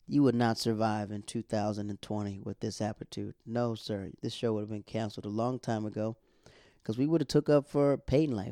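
A man talks through a TV episode in a loose, chatty way, full of asides and laughs. His voice is dark and mellow. The sound is dry and close, with no room echo. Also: fairly low pitch, a little fast. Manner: animated, chatty, colloquial, laughs often. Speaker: TV show recap vlogger. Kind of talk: casual episode recap.

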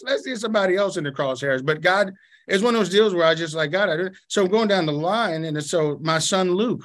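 A man, a pastor, telling a personal story as an interview guest, animated and shifting into preacher-like exhortation. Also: on the high side.

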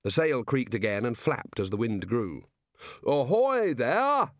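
Expressive man reading a story. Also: on the low side, moderate pace, dry recording, studio quality. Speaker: audiobook reader. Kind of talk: scripted narration.

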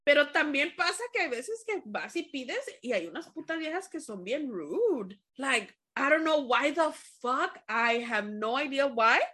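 Woman, bilingual casual chat, bright tense voice, fairly high. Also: sing-song, normal speed, hardly any pauses. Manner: blunt, profane, switching between English and Spanish.

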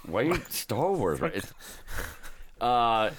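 A man's voice: mid-range voice, sing-song, takes it slowly, slightly rough, dry recording. A man from Ohio, a truck driver, chatting casually on a podcast, rambling with lots of filler words and restarts.

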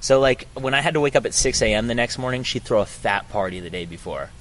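A man's voice: mid-range voice, animated, fast, fairly bright tone. A young adult man casually telling a story outdoors on a college campus, slangy and profane, saying "dude" and "bro" a lot. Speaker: podcast host.

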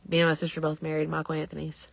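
A woman's voice: low voice, completely flat delivery, very fast, gravelly. A woman co-hosting a podcast, telling stories in casual chat and laughing often. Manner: laughing storyteller. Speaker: podcast co-host.

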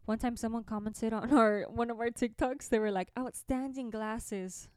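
This young woman's voice sits fairly high, with a clear, resonant tone, steady delivery and a brisk pace, recorded dry at studio quality. A musician and podcast host, she's in a small orange bedroom by a window. There she tells a story to camera, chatty, laughing a lot and dropping many fillers.

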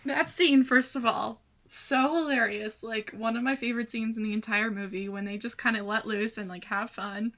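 A young woman chats about a film she loves, halting and gushing, full of fillers. Her voice is bright and a bit high. The recording sounds dull and lo-fi. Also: steady tone. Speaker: podcast co-host. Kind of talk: casual movie discussion.

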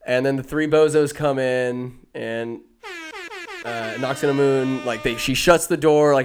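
A man's voice: mid-range voice, fairly even intonation, measured pace, over music. A man giving a casual, rambling, jokey recap of a movie, often interrupting himself.

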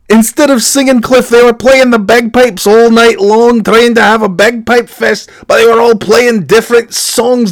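A man's voice: very high voice, no room sound, voice pushed up. A man voicing a crude, angry old Scottish uncle leaving a rambling voicemail, in a put-on Scottish accent, repeating the nephew's name over and over. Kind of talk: comedy podcast bit.

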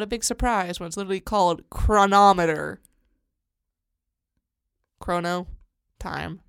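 A woman's voice: on the low side, unhurried, vocal fry, long pauses, clean tone. A woman co-hosting a podcast, chatting casually and wryly about a book. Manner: playful, wry and talkative. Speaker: podcast co-host. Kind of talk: casual book discussion chat.

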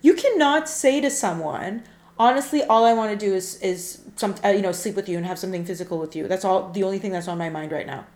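A woman with a medium-pitched voice talks fast in a roomy-sounding space. She's co-hosting a casual chat show as a podcast co-host, animatedly telling a dating story and acting out the texts she received.

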